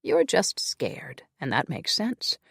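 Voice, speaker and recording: A possessive immortal shifter male who talks in a low, cold and controlled way, as the narrator voices him. His hissing delivery sits close to the mic in a dry audiobook sound. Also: sing-song, slow pace, vocal fry, a bit bright, husky, no echo, heavily acted.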